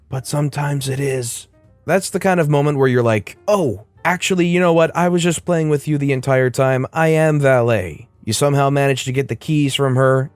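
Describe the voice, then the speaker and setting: A man's voice: mid-range voice, a little mellow, no echo. A man reading online stories aloud in a casual way, dropping wry asides. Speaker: story narrator.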